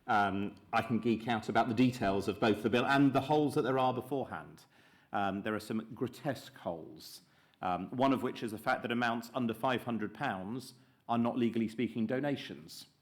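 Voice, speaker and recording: Male panel chair, mid pitch, wry, easygoing. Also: normal speed. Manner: wry, lightly joking.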